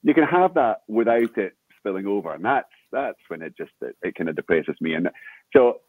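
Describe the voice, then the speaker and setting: An older Scottish man, a veteran sports broadcaster, telling lively anecdotes in an interview with lots of restarts. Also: on the low side, brisk, no echo. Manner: animated storyteller with frequent laughter and restarts. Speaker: guest, veteran radio sports presenter. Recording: tinny phone-like remote call.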